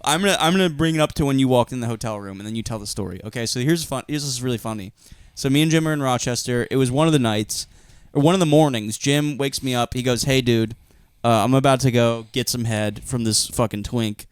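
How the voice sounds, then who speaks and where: A young man chats on a podcast with a smooth, clear voice, trading deadpan lines and laughing through his stories. The sound is dry and close, with no room around it. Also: medium pitch, quick pace, hardly any pauses, no room sound. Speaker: podcast co-host. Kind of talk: casual chat.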